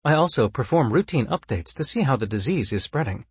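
A man voicing a calm, polite android assistant that speaks in a flat monotone. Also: mid-range voice, a little fast, slightly rough, no echo, pitched above the performer's own voice. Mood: matter-of-fact.

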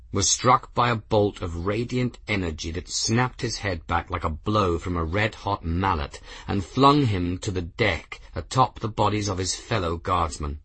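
A man narrating a novel in a steady, measured way. His voice is low and husky. The recording is dry and close, with no room sound. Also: no echo. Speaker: audiobook narrator. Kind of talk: scripted narration.

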